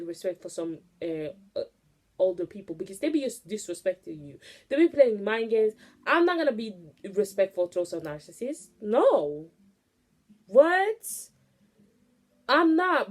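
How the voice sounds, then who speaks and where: A late-teen woman vlogger, close to twenty, rants straight to her audience in a casual venting monologue, pitched a bit high. She is blunt, swears freely, and stays loose and animated throughout.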